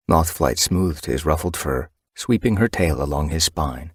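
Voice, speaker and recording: A male audiobook narrator with a low, husky voice reads a story expressively, his pitch rising and falling freely. The recording is close and dry. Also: lively intonation, normal speed, hardly any pauses, no echo.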